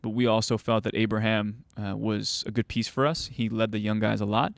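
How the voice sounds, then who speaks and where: Low flat-voiced man chatting casually. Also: fairly quick, gravelly, dry recording. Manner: rambling, many fillers and restarts. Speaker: goalkeeper coach and podcast host. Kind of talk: casual conversational storytelling.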